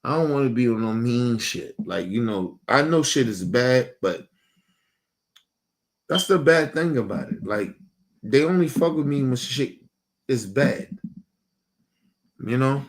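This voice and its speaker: A man's voice: mid-range voice, lively intonation, a little slow, long pauses. A man, hosting and ranting in a heated, profane, repetitive way, casual monologue. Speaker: show host.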